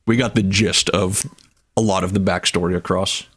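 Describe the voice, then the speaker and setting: A man's voice: deep voice, fairly even intonation, moderate pace, fairly bright tone, slightly rough. A man playing a tabletop game, talking in a casual way with stammering restarts. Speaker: player. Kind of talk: tabletop role-play.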